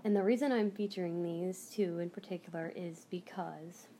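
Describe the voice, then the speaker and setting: A woman's voice: fairly low pitch, normal speed, mellow, a little hiss or hum. Heartfelt rambling American woman vlogger. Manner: rambling, heartfelt storytelling with restarts. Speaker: channel host, reborn doll collector. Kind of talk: casual chat to camera.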